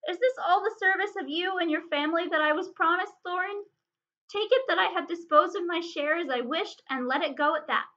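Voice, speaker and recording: Small fussy hobbit, squeaky and fretful, read by a woman; high, bright voice. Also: brisk, lo-fi sound.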